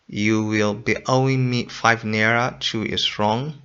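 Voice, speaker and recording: Male English teacher, bright, forceful tone, repeats and quizzes students, lo-fi audio. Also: medium pitch, steady tone, slow pace, clear, resonant tone. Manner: repeats points and quizzes listener ("In what?"). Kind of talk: explaining grammar lesson. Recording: dull lo-fi recording.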